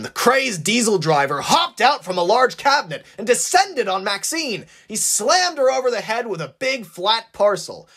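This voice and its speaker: A narrator reading a fan-written story aloud in an expressive, animated way. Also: mid-range voice, slightly rough.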